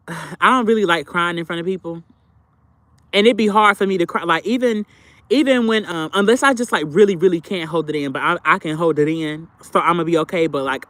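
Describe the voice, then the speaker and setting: High-voiced chatty man, dry close mic. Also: pushed and bright, dry recording. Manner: talkative, repeats phrases, addresses viewers as sister and baby. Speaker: live streamer. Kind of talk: casual livestream chat with viewers.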